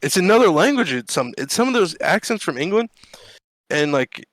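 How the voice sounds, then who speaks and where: A man's voice: sits high, very animated, normal speed, a bit bright, no room sound. A man co-hosting a gaming podcast, ranting in a casual, profane and sarcastic way. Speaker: podcast co-host. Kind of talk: casual chat.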